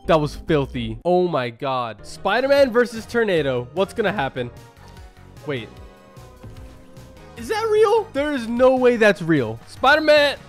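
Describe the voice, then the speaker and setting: Hosting a reaction video, a man speaks casually and excitedly in a high voice, rattling off quick exclamations and calling people "bro." Faint music can be heard behind him.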